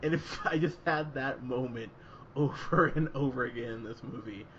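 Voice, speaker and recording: A man hosting a casual movie review chat, animated and sarcastic, mocking the film as he talks. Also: mid-range voice, normal speed, dull audio, slight background noise. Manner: animated, sarcastic, mocks lines in put-on voices. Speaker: podcast host.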